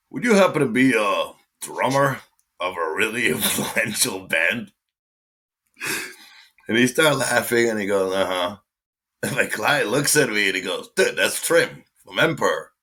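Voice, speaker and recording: Deep forceful man. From Israel. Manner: animated, swearing, acting out quotes. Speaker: guest, tattoo artist. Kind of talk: casual storytelling.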